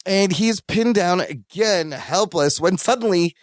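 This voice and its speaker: A man co-hosting a rewatch podcast, recapping sitcom scenes with animated storytelling. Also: high voice, a little slow, no echo, studio quality. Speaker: podcast co-host. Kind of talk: casual rewatch recap chat.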